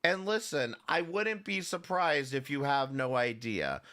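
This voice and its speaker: A man in the mid range, animated and bright with a forceful tone, hosts a live commentary stream without hurrying. He chats casually with sarcasm, names chatters as he greets them, and rambles through restarts and swearing.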